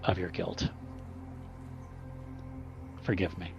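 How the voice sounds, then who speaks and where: A man's voice: sits low, flat delivery, slow pace, music in the background. A man voicing a proud male vampire noble in a tabletop game, speaking in an earnest, formal way. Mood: pleading. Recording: dull lo-fi recording.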